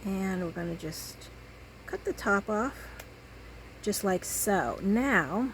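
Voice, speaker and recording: A woman's voice: mid-range voice, animated, slow pace, a little hiss or hum, low-quality recording. A woman making a craft video, chatting casually to herself and the viewer as she cuts and glues. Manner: chatty, talks to herself while working. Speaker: crafting vlogger.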